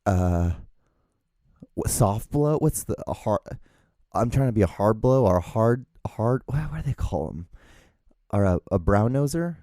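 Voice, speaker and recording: A man's voice: lowish voice, lively intonation, unhurried, long pauses, mellow, no room sound, studio quality. A man hosting a solo podcast, rambling casually and mocking himself, swearing freely and acting out both sides of his conversations. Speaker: podcast host.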